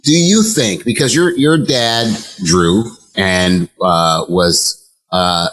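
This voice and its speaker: A man hosting an interview, asking questions slowly and haltingly, with restarts and fillers. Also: sits low, fairly bright tone, poor audio. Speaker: interview host.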